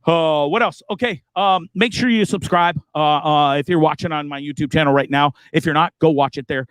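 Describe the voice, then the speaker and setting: A man's voice: on the high side, fairly quick, fairly bright tone, clear, resonant tone, dry recording. A man hosting his livestream in a casual, profane, joking, rambling way. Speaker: livestream host.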